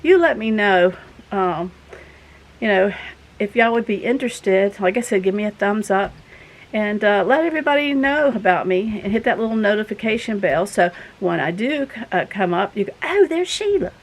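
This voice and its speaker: A woman in casual vlog chat, out of breath and talking in a folksy, rambling way. She speaks earnestly to her viewers from outdoors after coming in from the garden. Her voice sits at an everyday middle pitch. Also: normal speed, poor audio. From southern United States. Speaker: vlogger host.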